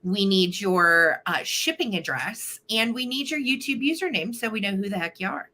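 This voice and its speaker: Female host of a home live-sale stream; chatty and giggly, with a bright, sharp tone. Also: medium pitch, expressive, normal speed. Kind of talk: casual live-stream chat.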